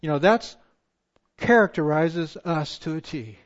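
Guy preaching slow and high, dull lo-fi sound, keeps asking the crowd questions, goes loud then quiet. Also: expressive. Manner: impassioned, rhetorical questions, swings between loud and hushed. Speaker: pastor. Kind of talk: sermon.

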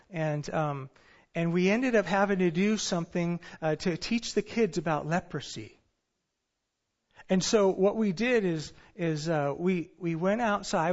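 A man's voice: high-pitched, highs cut off. A male pastor preaching a sermon in a church sanctuary, earnest and storytelling, with some fillers.

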